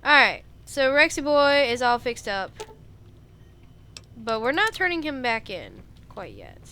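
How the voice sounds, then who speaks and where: A woman's voice: on the high side, very animated, measured pace, sharp tone, a little hiss or hum. A woman streamer giving casual, joking gameplay commentary and laughing often. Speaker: game streamer.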